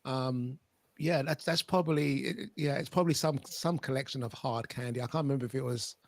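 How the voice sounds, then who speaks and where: A man hosting a casual group chat on a video call, easygoing and quick to laugh. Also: mid-range voice, no echo. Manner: easygoing and laughing, with many restarts. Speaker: host.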